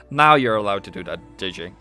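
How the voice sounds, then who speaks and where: A man's voice: on the low side, pushed and bright. A man hosting a live trading stream, chatting casually as he goes over charts, asks and answers his own questions, and teases viewers in the chat. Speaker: livestream trading host. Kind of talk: casual livestream market commentary.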